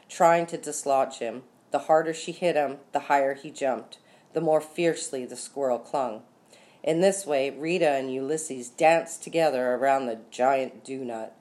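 A woman narrating an audiobook story with expressive, lively delivery and slowed dramatic beats. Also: rumbling low. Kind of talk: scripted narration.

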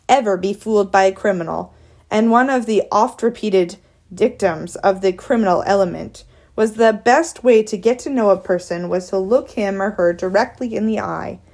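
A woman reads a children's novel aloud at an unhurried pace. Her delivery is clear and steady, in the manner of a warm audiobook narrator. Her pitch sits in a normal middle range for a woman.

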